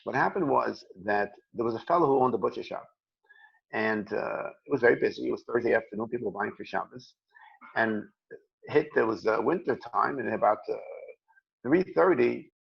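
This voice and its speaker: A man's voice: mid-range voice, normal speed. A man teaching a Torah lesson in a conversational way, retelling a story with frequent restarts. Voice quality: gravelly. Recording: dull lo-fi recording.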